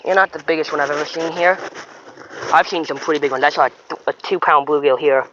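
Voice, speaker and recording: A man with a somewhat high voice talks casually while fishing at a pond, rambling, stopping and restarting his sentences. The outdoor recording sounds dull and lo-fi, with steady noise clearly audible behind him. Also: quick pace. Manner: rambling and chatty, with frequent stops and restarts. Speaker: fishing vlogger.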